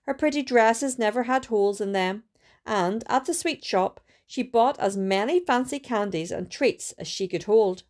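A woman reading a storybook aloud with a steady, careful delivery and small restarts. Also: fairly high pitch, moderate pace. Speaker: student reader.

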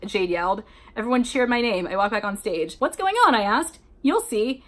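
A woman's voice: mid-range voice, lively intonation, moderate pace. A woman reading a fan-written story aloud, breaking off for sarcastic commentary between passages. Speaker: YouTuber reading fanfiction aloud.

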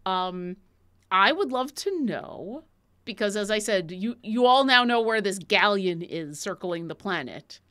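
A woman with a bright, clear voice narrates a tabletop game as its dungeon master. Her delivery is lively and playful as she sets each scene. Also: mid-range voice, a little slow.

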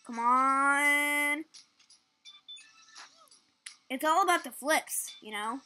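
A young woman giving excitable, casual commentary while playing a game, yelping at near misses. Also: sits high, slow, pauses often, faint music behind. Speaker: gaming channel host.

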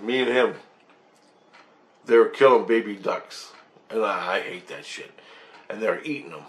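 Man, blunt profane storyteller, rambling vlog delivery. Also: fairly low pitch. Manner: profane, blunt, with frequent restarts. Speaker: vlogger sharing spiritual experiences.

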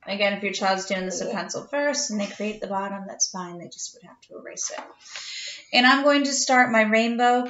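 A woman's voice: a little high, a little hiss or hum. A middle-aged woman, an art teacher, talking step by step through a drawing tutorial in a chatty way. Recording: echoey room, dull lo-fi sound.

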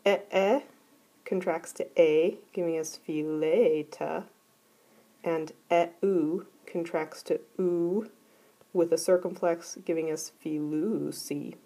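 A woman teaching a recorded grammar lesson, explaining clearly and methodically. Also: fairly low pitch, fairly even intonation, slow, dark tone. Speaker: Greek teacher.

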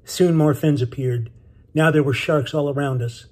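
Male author-narrator, husky and dark, measured audiobook storytelling. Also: fairly high pitch. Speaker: author reading his novel. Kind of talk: scripted narration.

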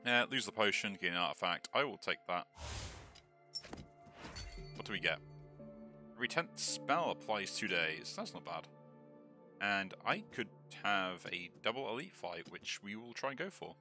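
A man hosting a game video, thinking aloud in relaxed let's play commentary, with the hiccups. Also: on the low side, normal speed, long pauses. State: has the hiccups. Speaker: gaming channel host. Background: background music.

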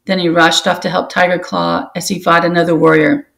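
A woman's voice: on the low side, level tone, fairly quick, vocal fry, a bit bright, low-quality recording. A woman voicing a shy young male cat recounting a fierce battle to other apprentices in a storybook reading. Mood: vivid telling. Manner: storytelling, growing bolder.

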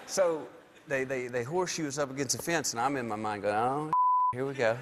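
A man's voice: medium pitch, lively intonation, a little fast. A man, a late-night talk show guest telling a long story, drawling and acting out other people's lines as he goes. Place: television studio stage. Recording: studio hall reverb with faint noise.

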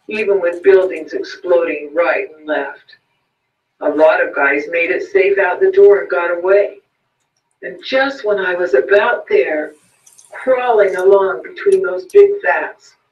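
A man voicing a bitter, self-pitying blind male peddler in a read-aloud story, whining and pleading. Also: high voice. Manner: whining, pleading, rising to frantic cries. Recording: roomy, distant, muffled recording.

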